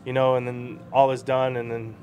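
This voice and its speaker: A man's voice: mid-range voice, level tone, moderate pace, lo-fi sound. A young man, a baseball prospect, telling rambling stories in a casual interview, laughing as he goes.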